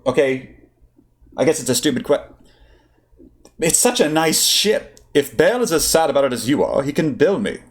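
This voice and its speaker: A man's voice: fairly high pitch, sing-song, normal speed, long pauses, pitched above the performer's own voice. A man voicing a weary, wry wounded general in a read-aloud story.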